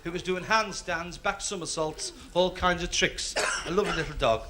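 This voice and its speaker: A man with a Liverpool accent doing stand-up, telling quick gags and putting on stuttering voices for the characters. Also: high-pitched, noisy background. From Liverpool, England. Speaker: stand-up comedian. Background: audience laughter.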